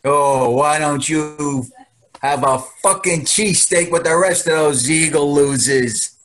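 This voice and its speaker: An actor playing a gruff, taunting older grandfather with a New York accent, trading insults on a family video call. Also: a little high, measured pace, a bit bright. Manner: gruff, taunting, laughs at own jabs. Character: cranky old grandfather, brash New Yorker.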